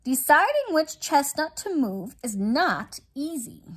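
A calm, sensible fox who talks her friends down patiently, as a woman puts her on. The voice is high and unhurried. Storybook reading. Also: heavily acted.

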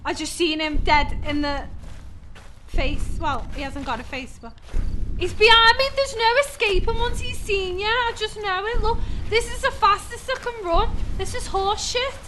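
A woman's voice: very high-pitched, fairly even intonation, normal speed, background noise. A young woman with a gaming headset, giving horror game let's play commentary; jumpy, she shrieks and swears when startled. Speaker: gaming channel host.

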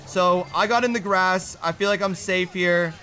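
Excitable high-voiced young gaming commentator. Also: male voice, moderate pace, faint music behind. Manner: excitable, swings into pleading shouts. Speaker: gaming YouTuber. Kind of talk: gameplay commentary.

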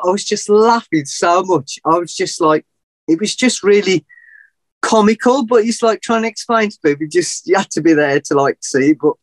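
A middle-aged man telling a long story as a podcast guest, animated and rambling, often laughing at himself. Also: sits high, dry recording. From England. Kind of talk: casual storytelling.

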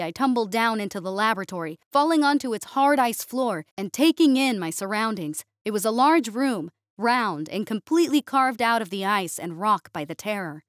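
A woman reading a sci-fi story aloud in steady, expressive narration. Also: mid-range voice, no echo, studio quality.

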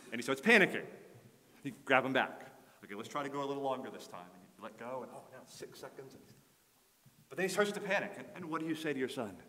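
Earnest man preaching in a reverberant hall. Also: mid-range voice. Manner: earnest, rising to forceful emphasis. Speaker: pastor. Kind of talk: sermon. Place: church sanctuary.

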